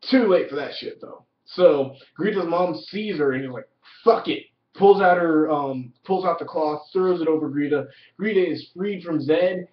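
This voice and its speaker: A man giving a casual spoken review of a TV episode, excited and profane, leaning heavily on "like". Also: a little high. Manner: excited, profane, heavy use of "like". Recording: roomy, distant, dull lo-fi audio.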